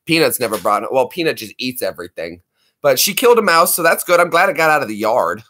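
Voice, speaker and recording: A man's voice: medium pitch, quick pace. A man hosting a casual livestream, rambling and chatty. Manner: rambling, animated, does voices for pets. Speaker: livestream host. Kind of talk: casual chat.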